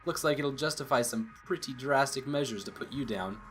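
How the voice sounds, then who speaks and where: A man's voice: medium pitch, a little fast, fairly bright tone, faint music behind, natural voice. A man reading a smug, arrogant villain politician. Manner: smug, condescending.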